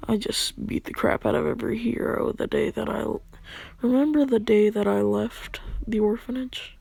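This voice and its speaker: A woman voicing a blunt, offhand young male hero with a deep gravelly voice. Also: fairly even intonation, normal speed, mellow, no echo, full character voice.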